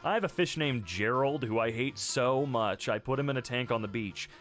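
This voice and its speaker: A man's voice: medium pitch, normal speed, fairly bright tone, faint music behind. A man hosting a video, reading online posts aloud and reacting with wry, joking asides. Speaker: host.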